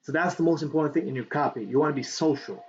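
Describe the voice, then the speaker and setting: Very fast and a little high-pitched, a man rattles through a casual affiliate marketing tutorial on camera, chatty and repetitive with a steady stream of "right?". He's animated and keeps reaching for books, and the recording has a dull lo-fi quality with faint noise in the background.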